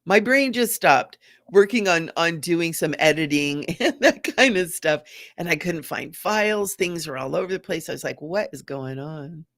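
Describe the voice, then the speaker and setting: Woman, middle-aged, psychic medium, chatty and repetitive, gravelly fry, dry recording. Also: lowish voice, expressive, moderate pace, dry recording. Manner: chatty, repeats phrases, gentle encouraging tone. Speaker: psychic medium doing live readings. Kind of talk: casual live-stream reading.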